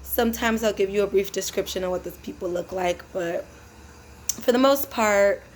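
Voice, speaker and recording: A woman's voice: mid-range voice, moderate pace, slight background noise. A woman who drives for a rideshare service, telling a casual storytime vlog in a laid-back, slangy, chatty way.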